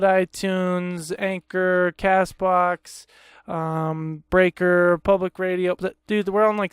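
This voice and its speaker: A man's voice: sits high, clean tone, dry recording, clean studio sound. A young man hosting a solo podcast, ranting with lots of swearing, rambling and self-deprecating. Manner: profane, exasperated ranting. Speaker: podcast host.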